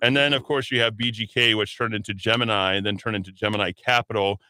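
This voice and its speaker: A man's voice: fairly low pitch, steady tone, fast talker, bright, forceful tone, no room sound. Rambling man hosting talk radio. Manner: rambling, sardonic, many fillers and asides. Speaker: radio talk show host. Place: radio studio.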